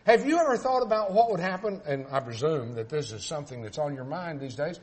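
An older man preaching a folksy sermon, joking and swinging between loud and soft. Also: a little high, animated, a little fast.

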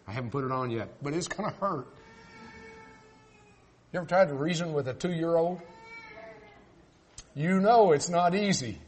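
An older man preaching a folksy sermon, joking and swinging between loud and soft. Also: fairly high pitch, lively intonation, moderate pace, long pauses, faint music behind.

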